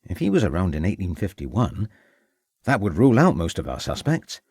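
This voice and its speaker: A man's voice: deep voice, wildly swooping pitch, normal speed, darkish tone, slightly rough, no echo, studio quality, exaggerated voice. Man reading as a formal Victorian inspector. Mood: measured. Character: shrewd Victorian police inspector, measured and formal.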